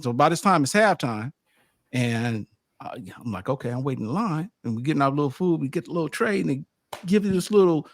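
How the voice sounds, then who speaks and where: Animated man telling a story. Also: on the high side, brisk, no room sound, clean studio sound. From United States. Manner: animated, acts out quotes, frequent stammered restarts. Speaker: sports media host. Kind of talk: casual storytelling monologue.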